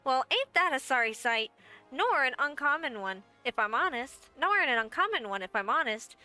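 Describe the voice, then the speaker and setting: A woman's voice: sits high, expressive, normal speed, bright, forceful tone, soft background music, heavily acted. A woman voicing a brassy, folksy little guildmaster and innkeeper in a game, with a wry storytelling manner. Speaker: game character. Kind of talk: game voice acting.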